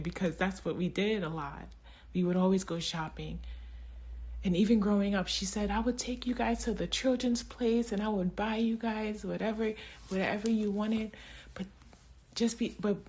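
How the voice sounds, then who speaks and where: A woman speaking in an emotional, halting personal monologue, tearing up and restarting her sentences often. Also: medium pitch, darkish tone. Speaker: spiritual vlogger.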